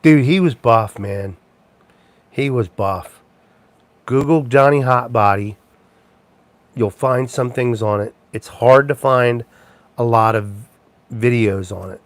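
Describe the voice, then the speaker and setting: A man hosting a casual livestream who rambles and chuckles, trailing off into ums and starting sentences over. His voice sits at an ordinary middle pitch and sounds dry and close to the mic. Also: slow pace, long pauses, no echo. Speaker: live show host.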